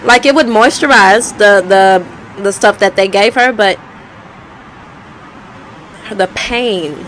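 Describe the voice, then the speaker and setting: A woman's voice: medium pitch, a bit bright, slight background noise, low-quality recording. A woman telling her life story in a candid, conversational way, often repeating herself. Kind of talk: personal storytelling vlog.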